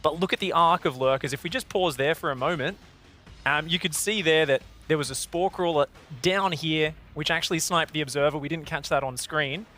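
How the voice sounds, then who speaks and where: A man's voice: on the high side, a little fast, pushed and bright, soft background music. A man with an Australian accent, an esports analyst walking through game replays at an analysis desk. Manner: explanatory, walks through replay.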